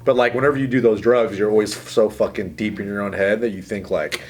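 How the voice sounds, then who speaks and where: A man's voice: fairly low pitch, fairly even intonation, darkish tone, a little hiss or hum. A man on a podcast panel, chiming in with laid-back remarks during casual chat. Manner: quick, laid-back interjections.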